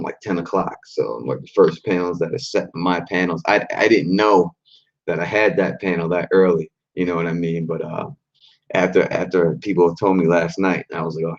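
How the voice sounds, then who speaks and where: A man hosting a casual livestream, his voice a little rough after a late night, giving laid-back shout-outs to his chat in street slang. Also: deep voice, lo-fi sound. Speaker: channel host. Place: hotel room at a fan convention. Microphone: phone or laptop camera.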